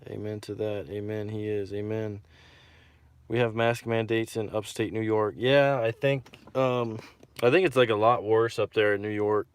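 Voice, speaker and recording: A man's voice: on the low side, little pitch movement, normal speed, smooth, dry recording. A man from Texas hosting a casual livestream and reading out viewer comments, rambling and repeating himself with lots of fillers.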